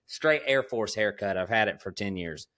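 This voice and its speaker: A man, hosting a podcast and telling ranch stories in a relaxed, drawling way, laughing often. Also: on the low side, normal speed. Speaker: podcast host. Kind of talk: casual storytelling chat.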